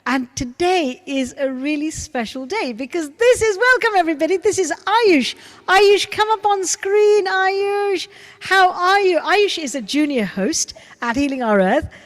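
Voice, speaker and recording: A woman hosting an online show over a video call, chatting warmly and gushingly with a young guest. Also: extremely high pitch, animated, measured pace, in a large hall. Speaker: host. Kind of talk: casual chat on a video call.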